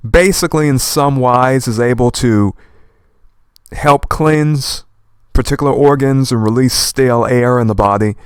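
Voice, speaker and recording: A young man with a slight lisp rambling in animated commentary while reading a manga aloud, dropping in old-fashioned verb endings. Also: medium pitch, clean tone, dry recording, studio quality. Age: young adult. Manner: animated, fast and passionate talker.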